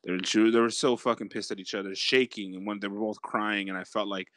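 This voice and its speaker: Low-voiced man telling a story, dry close sound. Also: steady tone, fast talker, fairly bright tone, no echo. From Los Angeles. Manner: profane storytelling with laughs and restarts. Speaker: podcast co-host. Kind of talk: casual chat.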